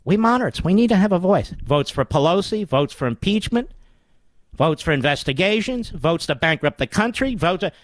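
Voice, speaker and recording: A man putting on a smarmy congressman, mock-humble and pleased with himself, rambling through his boasts. The voice sits a little high and is recorded dry and close. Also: lively intonation, moderate pace, no echo. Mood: self-satisfied. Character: smug self-satisfied male congressman.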